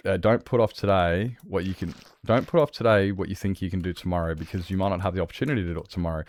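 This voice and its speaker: Streaming a game from his bedroom, a man with a low-pitched, darkish voice chats casually, rambling, restarting sentences, and swearing freely.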